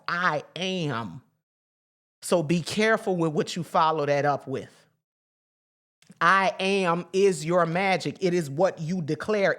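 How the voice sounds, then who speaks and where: A woman's voice: fairly low pitch, fairly bright tone. Emphatic woman preaching casually. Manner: emphatic, preachy, swears freely, slangy; repeats phrases for emphasis. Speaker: spiritual teacher. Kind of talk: informal spiritual teaching monologue.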